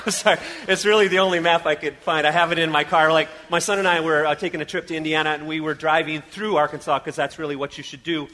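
A man presenting a comic Bible story skit for a church, animated and joking as he tells it. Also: a little high, quick pace, few pauses.

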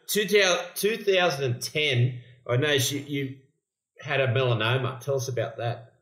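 An Australian man in his fifties interviewing a friend in a relaxed, chummy way, often saying mate. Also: mid-range voice, moderate pace, reverberant, rough recording. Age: 50s. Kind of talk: casual chat.

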